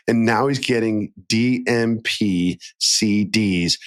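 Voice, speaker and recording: Slow but with hardly any pauses, a low-leaning male voice co-hosts a casual basketball podcast. He's animated, playing out what he thinks players might say.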